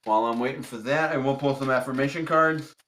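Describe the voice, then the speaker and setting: A man's voice: medium pitch, quick pace, a bit bright. A man hosting a tarot livestream, chatting casually with viewers and repeating firm, polite instructions to his chat. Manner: polite but strict.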